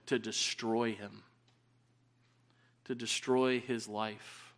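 A man's voice: medium pitch, little pitch movement, takes it slowly, long pauses. A man preaching a sermon, earnest and rising to emphatic stresses.

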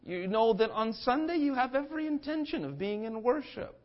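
A pastor preaching a sermon, shifting between hushed passages and forceful declarations. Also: male voice, very high-pitched, very animated, fairly quick. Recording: dull lo-fi sermon recording.

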